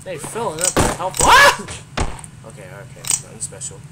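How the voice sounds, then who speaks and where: A young man giving loud, profane commentary while playing a video game, yelling at enemies. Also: on the low side, big pitch swings, quick pace. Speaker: gaming YouTuber. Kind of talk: gameplay commentary. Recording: loud background game noise.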